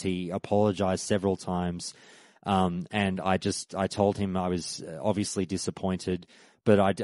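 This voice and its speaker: Low-voiced Australian man, casual recap. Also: darkish tone, dry recording. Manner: rambling and conversational, with frequent restarts. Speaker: podcast host.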